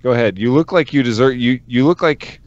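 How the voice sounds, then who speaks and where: A man's voice: medium pitch, darkish tone, highs cut off. A man co-hosting a comedy podcast, joking crudely and teasing his co-hosts. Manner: crude, joking, quick asides. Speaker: podcast co-host. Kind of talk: casual comedy podcast banter.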